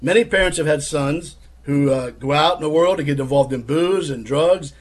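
A man's voice: a little high, normal speed. A man giving critical religious commentary, arguing his case with pointed rhetorical questions.

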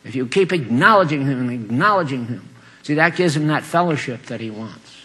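An older man preaching a folksy sermon, chuckling often and swinging between loud emphatic lines and quiet asides. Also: mid-range voice, lively intonation, a little fast.

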